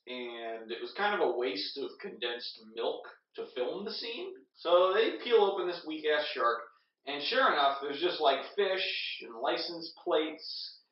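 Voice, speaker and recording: Drunk man rambling through a story. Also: on the high side. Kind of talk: drunken comedic retelling of a film. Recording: echoey room, distant mic, dull sound.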